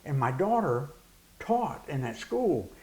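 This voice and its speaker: A former wrestler turned preacher, middle-aged, tells an animated tale as an interview guest, voicing the quotes and laughing. His voice is a little high and he speaks slowly.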